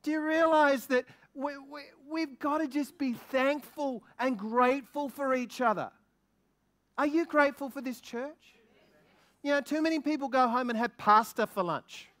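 A man preaching a sermon as a guest minister, excitable and lively, asking the congregation many questions. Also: very high-pitched. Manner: excitable, quickens when stirred.

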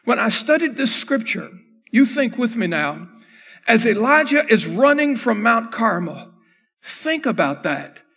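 High-voiced preaching pastor, man. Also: very animated, measured pace, creaky, breathy edge, long reverb tail. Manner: preaching with rising shouts and sung phrases. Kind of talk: sermon. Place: church sanctuary.

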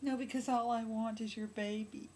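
A woman's voice: fairly high pitch, steady tone, normal speed, a little hiss or hum, natural voice. A woman acting as a baby-hungry fussy wife. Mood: plaintive. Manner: earnest and pleading, with soft whispered asides. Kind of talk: comedy skit.

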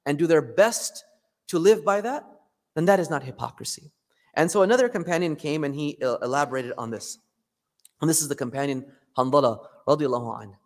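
Male preacher, fairly high voice, lively storytelling sermon, long hall echo. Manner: storytelling, animated retelling with acted quotes. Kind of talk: Friday sermon. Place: mosque hall.

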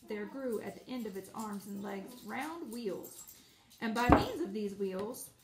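A woman reading a children's storybook aloud, expressive, with casual asides. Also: on the high side, gravelly, reverberant, background noise. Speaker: audiobook reader.

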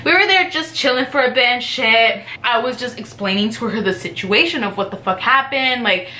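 A woman with a higher, bright and forceful voice telling a story to the camera. She rambles and swears freely, leaning on "like" between thoughts, and the room around her sounds echoey. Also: moderate pace, a little hiss or hum. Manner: profane, rambling, heavy use of "like". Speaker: vlogger telling a personal story. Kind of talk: casual storytime chat.

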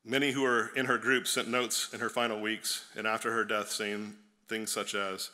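A man with a low voice and a bright, forward tone reads a prepared tribute at a memorial service. He speaks steadily, now and then slipping in a small filler. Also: normal speed. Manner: steady reading with occasional fillers. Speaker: family friend giving a tribute.

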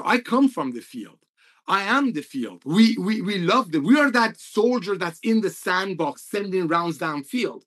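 An excitable man delivers a motivational company update. His voice swoops up and down as he gets emotional, and he repeats his points over and over for emphasis. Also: sits high. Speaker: network marketing company executive.

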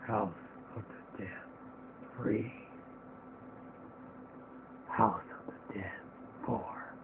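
A man putting on a slow, spooky announcer voice to intone video game titles. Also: fairly low pitch, steady tone, noisy background. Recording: tinny phone-like audio with game music.

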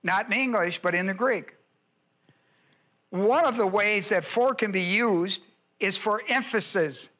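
A male pastor with a high, bright voice teaches scripture point by point. He presses each point hard, repeating phrases and asking whether his listeners follow. It has the steady drive of a classroom-style sermon. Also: a little slow. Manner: emphatic, repeats key phrases, quizzes listeners. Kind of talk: verse-by-verse Bible teaching.

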